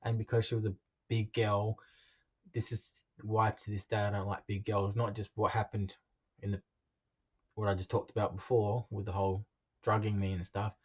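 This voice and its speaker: A man telling his own life story in a halting, confessional way, with frequent ums and restarts. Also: on the low side, husky.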